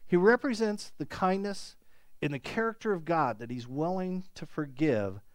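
Animated man preaching a sermon. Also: on the high side, moderate pace, dry recording. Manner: animated, emphatic, repeats words for stress. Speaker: pastor.

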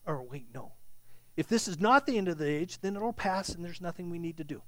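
A man's voice: on the high side, animated, a little fast, no echo. A male pastor, preaching a sermon in a conversational, storytelling way with emphatic questions.

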